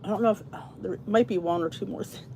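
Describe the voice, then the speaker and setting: Fast-talking and dark-toned at a medium pitch, this middle-aged Philadelphia-area woman with a Philly accent hosts a podcast. Her chat to viewers rambles casually with frequent restarts and asides, over slight background noise.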